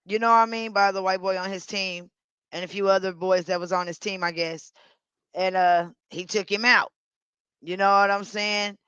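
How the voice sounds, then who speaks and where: A woman's voice: medium pitch, a bit bright, clear, resonant tone, dry recording, dull audio. A woman hosting a casual stream, giving her views in a blunt, outspoken way. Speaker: streamer host. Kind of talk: casual chat.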